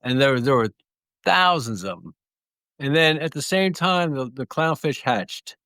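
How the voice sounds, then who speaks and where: A man's voice: mid-range voice, animated, a little slow, pushed and bright, dry recording. A man telling stories in an interview, rambling through anecdotes with small restarts. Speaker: guest clownfish breeder. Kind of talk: relaxed storytelling.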